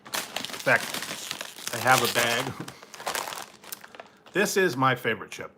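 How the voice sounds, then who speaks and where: Against a noisy background, a man speaks slowly in a medium-pitched, sing-song voice. He's a food reviewer in relaxed late-night conversation, drifting, trailing off, and laughing a lot.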